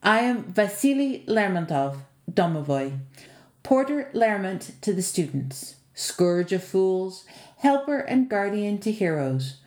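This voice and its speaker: A woman's voice: mid-range voice, big pitch swings, slow pace, darkish tone, echoey room. A woman doing a curt, sardonic male house spirit. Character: gruff male house spirit, college porter.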